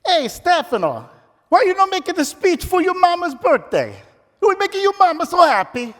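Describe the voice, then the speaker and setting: A man's voice: very high voice, wildly swooping pitch, normal speed, a bit bright, in a large hall, pitched above the performer's own voice, full character voice. A man voicing an older father who coaxes his son in broken English. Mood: coaxing. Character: pushy older Italian father, loud and coaxing.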